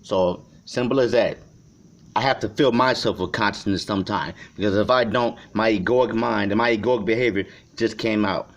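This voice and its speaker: A man from Chicago talking to the camera in an unscripted vlog. He rambles and swears, swinging between shouting and quiet reflection. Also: fairly low pitch, normal speed. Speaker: vlogger. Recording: dull lo-fi recording.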